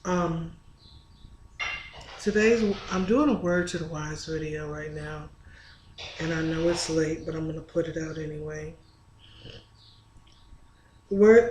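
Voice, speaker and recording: A woman's voice: sits low, steady tone, takes it slowly, long pauses, darkish tone. A woman speaks straight to her viewers in an open, confessional vlog, earnest and unguarded, often breaking off and restarting her sentences. The room around her is echoey, with a faint hum of ambience underneath. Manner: earnest and candid, with frequent restarts. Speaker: spiritual vlogger. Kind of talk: casual confessional vlog monologue.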